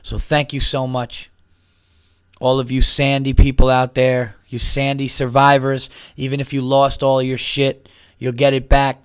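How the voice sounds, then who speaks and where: A man's voice: medium pitch, monotone, measured pace, smooth, no room sound, clean studio sound. A man hosting a podcast, a little buzzed, ranting profanely in a rambling casual monologue. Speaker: podcast host.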